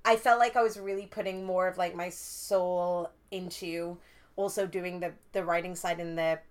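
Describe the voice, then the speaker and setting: A woman's voice: lowish voice, fairly even intonation, moderate pace. A young woman from northeast England, chatting casually as a podcast guest, with lots of fillers and restarts. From Newcastle upon Tyne, England. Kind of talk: casual chat.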